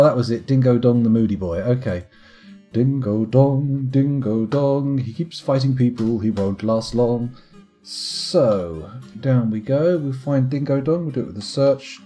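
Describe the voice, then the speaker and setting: Streamer, wry mutterer, lively pitch, mellow tone, soft guitar music underneath. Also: male voice. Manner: wry, muttering to himself while playing. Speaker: gaming streamer. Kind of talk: live game commentary.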